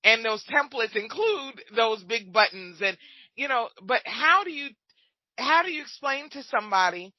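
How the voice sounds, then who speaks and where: A woman's voice: mid-range voice, no room sound, lo-fi sound. A woman hosting a podcast interview, chatty and often affirming her guest. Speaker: podcast host and business coach.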